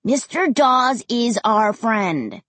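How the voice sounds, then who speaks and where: A woman's voice: high voice, very animated, moderate pace, fairly bright tone, husky, no room sound, pitched above the performer's own voice, full character voice. A stubborn young boy in a storybook reading, insistent and headstrong, voiced by a woman. The recording is dry and close.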